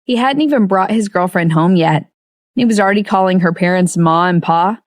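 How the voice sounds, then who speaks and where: A woman narrating an audiobook novel in steady storytelling. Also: lowish voice, normal speed, no room sound, studio quality. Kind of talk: scripted narration.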